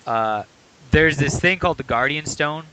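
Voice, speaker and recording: A man's voice: fairly high pitch, animated, normal speed, pushed and bright, clean tone, low-quality recording. A man co-hosting a podcast, chatting casually and walking through how a video game works. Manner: explanatory, walks through game mechanics. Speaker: podcast co-host.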